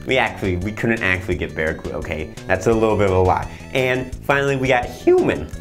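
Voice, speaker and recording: A man's voice: on the low side, fairly quick, soft background music. A man hosting a comedic infomercial, rambling through his sales patter with fillers and restarts. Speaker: infomercial host.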